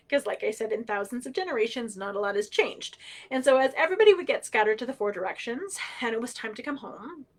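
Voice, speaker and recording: A middle-aged woman telling stories and teachings on a livestream, animated and playful, laughing often and acting out voices. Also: a little high. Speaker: storyteller and knowledge keeper. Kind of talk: humorous teaching storytelling on a livestream.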